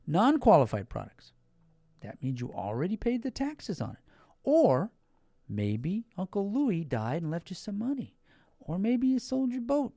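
A man's voice: medium pitch, darkish tone, no echo, studio quality. A man explaining financial products in a folksy, repetitive sales manner, talking directly to the listener and stressing key words. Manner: folksy, repeats points, talks directly to listeners. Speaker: financial advisor.

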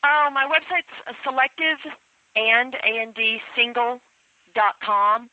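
A woman's voice: a little high, unhurried, dry recording. A woman from Memphis with a Southern accent, a guest on a radio show, chatting in a rambling way with lots of "you know"s. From Memphis, USA. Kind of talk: casual radio interview. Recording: dry, slightly muffled phone line.

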